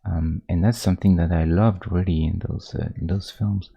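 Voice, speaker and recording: Casual male streamer, deep and gravelly, halting and rambling, prone to getting worked up. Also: lo-fi sound. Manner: rambling, halting, full of restarts, gets animated. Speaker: pixel art streamer. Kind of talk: casual chat while drawing on stream.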